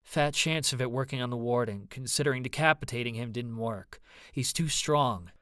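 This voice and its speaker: A man narrating an audiobook, voicing a blunt young woman who speaks flatly and matter-of-factly. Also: mid-range voice, normal speed, no echo, clean studio sound, lightly acted. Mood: dry. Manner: flat, matter-of-fact.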